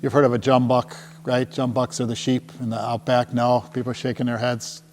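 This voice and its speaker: A middle-aged man, mid-pitched, speaks casually to a small crowd in a meeting room, joking and checking in with his listeners. His voice rings with a long hall reverb, and a faint hum sits underneath. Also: level tone, a little fast, darkish tone. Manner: jokey and chatty, often asks the crowd "right?". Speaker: tour company presenter. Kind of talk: casual presentation to a live audience.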